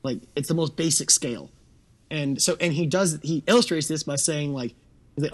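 A man's voice: on the high side, moderate pace. A man co-hosting a casual podcast, talking with enthusiasm, swearing casually and humming tunes to make his point. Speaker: podcast co-host. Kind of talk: casual chat.

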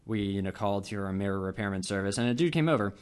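A man's voice: lowish voice, animated, fast talker, clear, resonant tone. A man co-hosting a casual podcast, telling a story in a rambling way full of uhs, restarts and laughs. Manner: rambling, self-interrupting with many uhs and laughs. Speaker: podcast co-host.

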